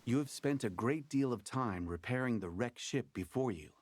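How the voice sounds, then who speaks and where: A man as a lively storybook game narrator. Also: mid-range voice, normal speed, no echo, lightly acted. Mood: storytelling. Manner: theatrical, storytelling game-master delivery. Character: wry male game master narrating a card tale. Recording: game audio with faint music underneath.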